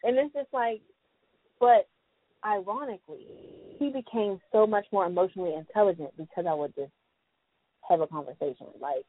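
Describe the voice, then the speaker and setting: Brief: woman guest, casual chat, animated, acts out voices; tinny, dry recording. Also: mid-range voice, normal speed, pauses often, no room sound. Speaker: podcast guest. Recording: tinny phone-like sound, dry.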